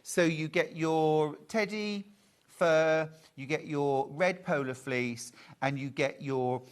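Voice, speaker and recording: A man's voice: fairly high pitch, slow, clear, resonant tone. A man hosting a live craft shopping show in a TV studio, chatty and upbeat. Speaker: shopping channel host.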